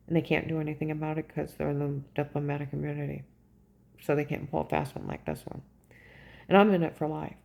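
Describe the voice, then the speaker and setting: A woman telling a personal story in a rambling, agitated way, often pausing to ask "okay?" and trailing off. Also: low-pitched, gravelly, dark tone. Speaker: vlogger recounting a personal ordeal.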